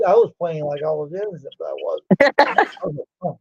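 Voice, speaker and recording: A man's voice: on the high side, wildly swooping pitch, fairly quick, vocal fry, darkish tone, husky, no room sound, muffled recording. A man casually telling a long, rambling story from his school days on a livestream, breaking into quoted voices. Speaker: livestream host.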